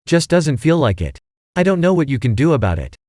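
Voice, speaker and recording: A man's voice: fairly high pitch, sing-song, brisk, a little mellow, no echo, studio quality. A man reading the lines of a short, bald homeowner who sounds weary and dismissive.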